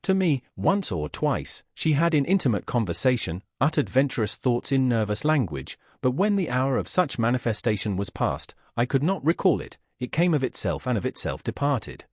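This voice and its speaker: Man narrating a classic novel, lively pitch. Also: moderate pace, few pauses, husky, no echo, studio quality. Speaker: audiobook narrator.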